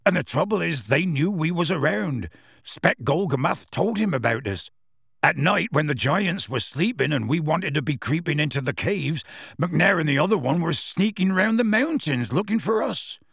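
A big, warm-hearted half-giant gamekeeper, as a male audiobook reader puts him on, spinning his tale in rough dialect with clear relish. The voice is gravelly and husky, and it rises and falls with lively pitch. It sits close and dry. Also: moderate pace, no room sound, heavily acted. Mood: gruff storytelling. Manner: rough dialect speech, dropped sounds, storytelling relish. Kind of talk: audiobook character reading.

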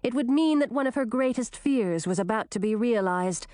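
A woman narrating a fairy tale in an expressive storytelling manner. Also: on the high side, moderate pace, dry recording, studio quality. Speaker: audiobook narrator.

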